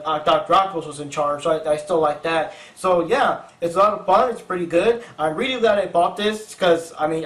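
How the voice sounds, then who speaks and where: A young man hosting a casual improvised comic book review, talking in a chatty, rambling, playful way. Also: sits high. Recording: roomy echo, distant mic.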